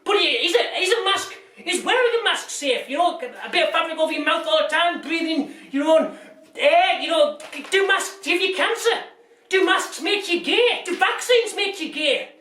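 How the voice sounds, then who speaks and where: A man's voice: very high-pitched, lively intonation, moderate pace, bright, forceful tone, far from the mic, pitched above the performer's own voice, heavily acted. A man playing a rambling news anchor. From Britain. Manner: rambling, stumbling, bursts into rants. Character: bumbling bigoted male British news anchor. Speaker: comedian. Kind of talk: parody news presenting. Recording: echoey room, off-mic.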